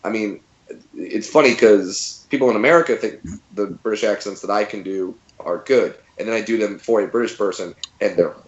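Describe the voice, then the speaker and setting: A man's voice: fairly low pitch, normal speed, roomy sound, lo-fi sound. A man in his thirties, a comedian guest telling stories in a casual interview and acting out quotes in funny voices.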